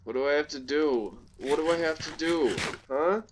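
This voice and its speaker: High-voiced excitable gaming man. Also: moderate pace, noisy background. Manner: excitable, exclaiming in frustration. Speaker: gaming channel host. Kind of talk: let's play commentary.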